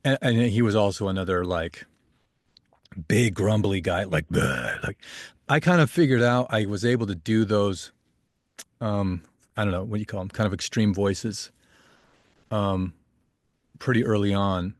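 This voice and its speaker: A young adult man, a voice actor, chatting in a relaxed, rambling way as an interview guest. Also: fairly low pitch, normal speed, pauses often, no echo, clean studio sound. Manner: relaxed, rambling, laughs easily. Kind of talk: casual interview chat. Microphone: home studio mic.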